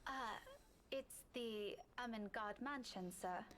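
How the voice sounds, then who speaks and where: A woman's voice: a little high, takes it slowly, a bit bright. A polite, hesitant young woman.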